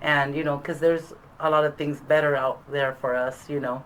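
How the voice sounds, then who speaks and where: A woman who graduated from adult school, talking in a casual interview, soft-spoken and hesitant with many fillers. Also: low voice, steady tone, moderate pace, rough recording.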